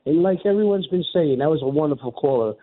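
A man's voice: fairly high pitch, expressive, fast talker. A man calling in to a radio show, fired-up and rambling, often repeating himself. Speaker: radio caller. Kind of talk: call-in radio talk. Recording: phone line.

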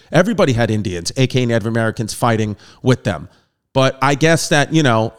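A man hosting a comedic history lesson, riffing with jokey asides and tangents. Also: a little high. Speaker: comedian host.

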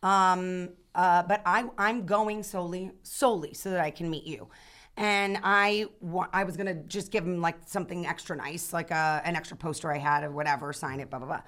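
A woman in her thirties, a guest actor telling stories in a casual podcast chat, animated and full of restarts. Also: on the low side, moderate pace. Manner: animated storyteller, many restarts and fillers.

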